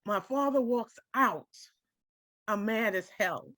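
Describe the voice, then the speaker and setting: A woman's voice: on the high side, expressive, slow pace, fairly bright tone, dry recording, studio quality. A woman telling a personal story to a small group, speaking directly and emotionally and often checking that her listeners follow her.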